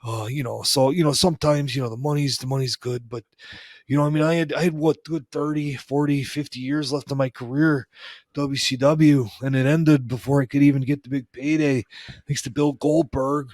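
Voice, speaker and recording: A man co-hosting a comedy podcast, telling a meandering story in character and filling every pause with "you know". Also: mid-range voice, fairly even intonation, a little mellow, dry recording, clean studio sound. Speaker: podcast co-host.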